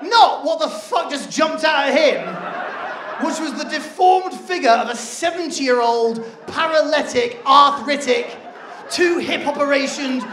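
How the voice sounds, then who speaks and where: An English man performing stand-up comedy on a theatre stage, telling an animated story and shouting out the punchlines. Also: extremely high pitch, measured pace, background noise. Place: theatre stage before a laughing audience. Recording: roomy theatre with crowd laughter.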